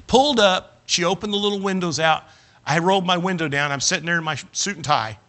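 A man's voice: high voice, fast, sharp tone. An older man, a preacher telling a folksy, self-mocking story in a sermon. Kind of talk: sermon with humorous personal anecdote.

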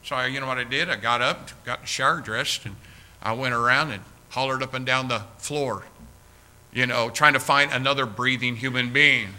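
A man's voice: mid-range voice, moderate pace, pushed and bright, rough recording. A man preaching a sermon in a folksy, earnest storytelling manner, ending in prayer. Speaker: pastor.

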